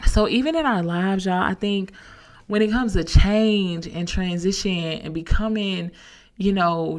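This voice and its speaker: A young woman hosting a podcast, telling a story in a chatty, animated way with casual slang. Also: fairly low pitch, creaky. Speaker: podcast host. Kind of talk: casual motivational talk.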